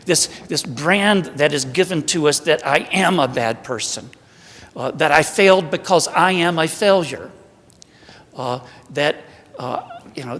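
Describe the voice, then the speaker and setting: A man's voice: a little high, a bit bright, a little hiss or hum. A man with a Southern American accent gives a conversational sermon as a priest at a church retreat, preaching in a humorous, self-deprecating way. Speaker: priest giving a retreat talk. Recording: long church hall reverb.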